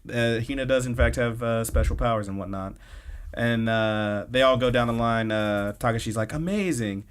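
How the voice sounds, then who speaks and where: A man talking through an anime plot on a podcast, at a middling pitch. He rambles along in a loose, chatty way, leaning on "like" and "uh" as he retells scenes. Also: fairly even intonation, normal speed, slight background noise. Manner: rambling storytelling with many fillers. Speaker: podcast co-host. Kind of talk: casual anime episode recap.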